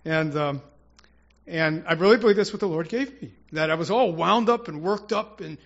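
A man's voice: on the high side, moderate pace, creaky, lo-fi sound. A man preaching an informal, rambling sermon to his congregation, with prayerful asides and restarts. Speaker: church speaker.

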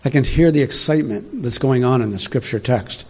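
A middle-aged man delivers a loose, conversational sermon to a room of churchgoers, drifting into tangents and chuckling at himself. His voice is husky and sits at an ordinary, middle pitch. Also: a little fast, hardly any pauses, darkish tone. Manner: chatty, digressive, laughs at own asides. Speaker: preacher. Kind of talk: informal sermon.

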